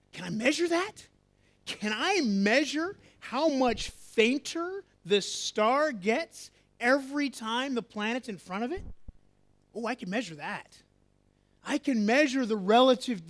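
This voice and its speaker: Very high-voiced man lecturing. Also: slow. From USA. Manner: lively, coaxing, asks the audience questions. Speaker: astronomy professor giving a public lecture. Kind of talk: interactive science lecture with audience volunteers.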